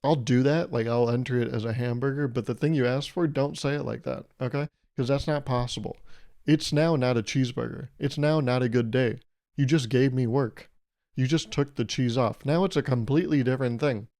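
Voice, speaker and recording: A man's voice: mid-range voice, fairly even intonation, brisk, a little mellow. A young man hosting his own podcast, rambling through a solo comedic monologue in a sarcastic, mock-serious way and laughing at his own jokes. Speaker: podcast host.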